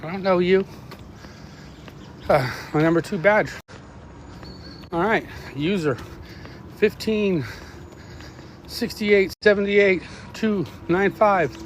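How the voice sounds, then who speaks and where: A middle-aged man chatting casually while walking his dogs outdoors, rambling, swearing freely and barking quick commands at the dogs. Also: sits high, a little hiss or hum. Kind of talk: casual live-stream chat. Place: outdoors on a neighborhood walk.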